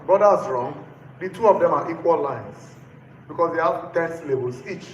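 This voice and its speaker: A man lecturing a class, his voice sitting fairly high as he repeats each point and stops to ask whether everyone is following. The sound is roomy and echoey, with a faint hum of noise underneath. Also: moderate pace. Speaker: teacher.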